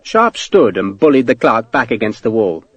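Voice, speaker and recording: A man reading a novel aloud as narrator, with an expressive delivery. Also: medium pitch, moderate pace, no room sound, lo-fi sound. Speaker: audiobook narrator. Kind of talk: scripted narration.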